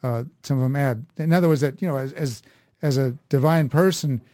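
Priest musing in a mellow voice. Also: male voice, mid-range voice, fairly quick, no room sound, clean studio sound. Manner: rambling, restarts often, thinks aloud. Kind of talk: conversational faith talk.

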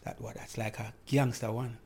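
Brief: gravelly-voiced man, casual horse racing host, jokey and loose. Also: medium pitch, little pitch movement, normal speed, darkish tone, soft background music. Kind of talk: casual chat and race preview.

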